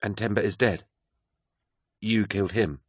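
A man voicing an earnest young female chronicler who asks soft, urgent questions, in an audiobook reading. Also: on the low side, steady tone, a little slow, breathy edge, dry recording, studio quality. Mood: urgent, questioning.

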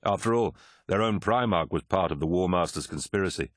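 A man reading a war story aloud as an audiobook narrator, in a grave, measured way. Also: low-pitched, no echo, clean studio sound.

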